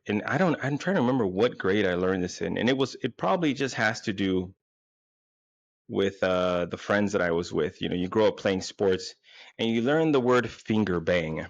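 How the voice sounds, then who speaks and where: A gravelly, rather low-voiced man in his forties rambles through a crude, self-mocking comedy monologue as host. His voice is close and dry, with a dull, lo-fi edge to the sound. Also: no echo. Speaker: podcast host.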